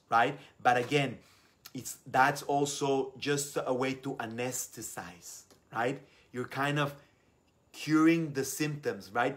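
A young adult man hosting a live stream, reading out viewer comments and talking with effusive, enthusiastic warmth. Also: mid-range voice. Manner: enthusiastic, effusive, repeats words. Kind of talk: casual live stream talk.

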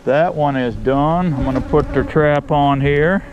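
A man's voice: on the high side, a little slow, highs cut off. A man from Florida, chatting casually to viewers and his bees while he works the hives outdoors. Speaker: beekeeper vlogger. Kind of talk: casual chat while working. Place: outdoors at beehives. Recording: insect buzz and outdoor noise.

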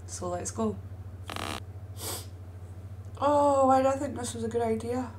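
A woman's voice: fairly high pitch, measured pace, a little mellow, a little hiss or hum. A young woman chatting casually and bluntly to her viewers on a live stream, swearing freely, into a streaming microphone at home.

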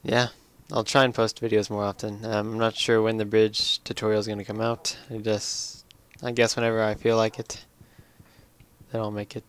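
A tired young man slowly rambling through casual commentary on his own game. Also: lowish voice, flat delivery, a bit bright, smooth. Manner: slow, drowsy, rambling. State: tired, yawning. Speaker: let's play gamer.

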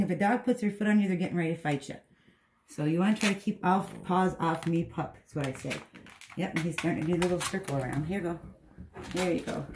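A woman's voice: lowish voice, a little mellow. A woman dog groomer giving a hands-on grooming tutorial, chatty and reassuring, talking to the dog as she explains. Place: grooming room, indoors. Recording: echoey room with faint background noise.

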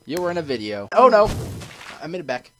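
A high, bouncy male voice that swoops up and down as he comments on his own gameplay. He gets excitable and yelps whenever things go wrong. Clear game music plays behind him. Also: fairly quick. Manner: excitable, yelps and shouts when in danger. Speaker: gaming channel host.

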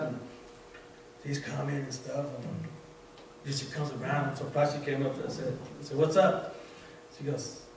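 Echoey, distant man preaching in church. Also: on the high side. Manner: repetitive, halting restarts, conversational. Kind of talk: informal sermon with personal story. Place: church sanctuary. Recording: very echoey room, voice off-mic, faint noise.

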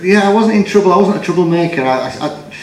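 A man's voice: high-pitched, expressive, fast, reverberant, recorded from a distance, low-quality recording. A man telling comic stories on a chat show, chuckling and breaking into impressions. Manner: jokey, chuckles through his stories, drops into impressions. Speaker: comedian guest. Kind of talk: chatty anecdotes on a talk show.

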